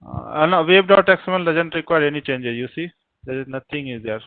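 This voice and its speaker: A man's voice: fairly high pitch, brisk, no echo. Man teaching code over a tinny line. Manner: repetitive, spells words out letter by letter, keeps urging the class to respond. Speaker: programming instructor. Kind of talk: live online coding class. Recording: dry, tinny phone-like line.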